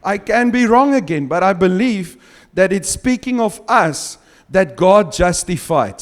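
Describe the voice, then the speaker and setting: A man whose first language is Afrikaans, preaching a sermon and reading scripture slowly and with emphasis, chuckling often between points. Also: sits high, expressive. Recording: long hall reverb.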